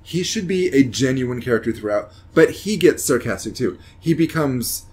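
A man hosting a casual podcast, joking and thinking aloud with hesitant restarts. His pitch moves up and down a lot in a middle register. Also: expressive, moderate pace, a little mellow. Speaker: podcast host.

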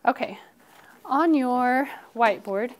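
A young woman teaching first graders in a classroom, her voice a touch high and her delivery upbeat and encouraging. She stretches words out slowly when she models sounds for the class. A faint hiss of noise sits under the recording. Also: expressive. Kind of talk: classroom phonics lesson. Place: elementary classroom.

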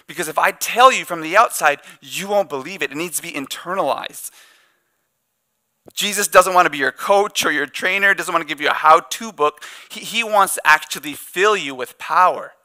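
A man's voice: a little high, moderate pace, sharp tone. A male pastor preaching a sermon in a conversational way, with joking asides and playful quoted back-and-forth. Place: church.

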